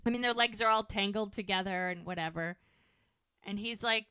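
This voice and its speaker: A woman's voice: mid-range voice, smooth, no echo. A woman co-hosting a podcast, casually recapping an episode and acting out the characters' lines. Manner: animated retelling, acting out lines in quick quotes. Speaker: podcast co-host.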